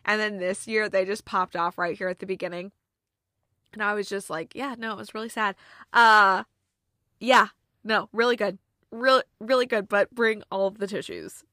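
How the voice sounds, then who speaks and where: A woman's voice: mid-range voice, fairly even intonation, normal speed, sharp tone, dry recording, studio quality. A woman reviewing holiday movies in a casual, gushing, emotional chat, with lots of fillers.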